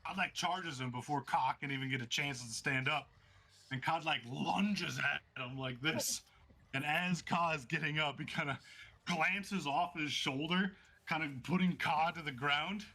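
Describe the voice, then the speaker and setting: A man narrating a tabletop game as game master, excitable and vivid, like play-by-play. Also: fairly high pitch, unhurried.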